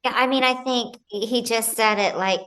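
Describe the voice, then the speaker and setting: A woman's voice: on the high side, normal speed, fairly bright tone, clear, resonant tone. A woman, an actress being interviewed, telling a chatty anecdote with fillers. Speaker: actress guest.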